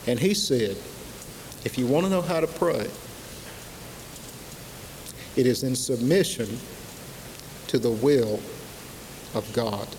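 Slow, deliberate male preacher. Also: medium pitch, vocal fry, darkish tone. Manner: slow, emphatic preaching with dramatic pauses and repetition. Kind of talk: sermon. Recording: long hall reverb, faint hiss.

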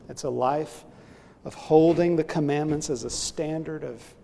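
A man's voice: fairly high pitch, measured pace, creaky, warm tone, big-room sound, a little hiss or hum. A man preaching a sermon, earnestly illustrating his point with a story.

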